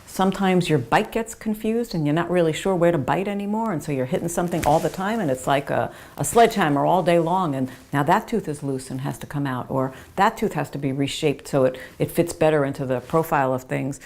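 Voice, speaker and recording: A woman's voice: deep voice, brisk, few pauses, darkish tone. A woman dentist explaining gum care to patients in an earnest, emphatic way, using homely images to repeat her points. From United States.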